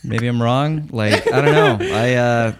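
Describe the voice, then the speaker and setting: A man's voice: mid-range voice, a little slow, noisy background. A young man, a comedian guest on a podcast, chatting casually, rambling and laughing along. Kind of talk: casual chat.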